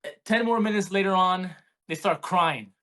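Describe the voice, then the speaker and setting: A man in his forties, co-hosting a podcast, telling a story in a casual, animated way with many restarts. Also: sits high, moderate pace. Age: 40s. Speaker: podcast co-host. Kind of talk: casual chat.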